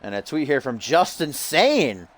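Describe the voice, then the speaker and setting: A man giving lively play-by-play commentary on a video game wrestling match, getting loud at big moments. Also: a little high, a little slow. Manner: excitable, shouts at big moments.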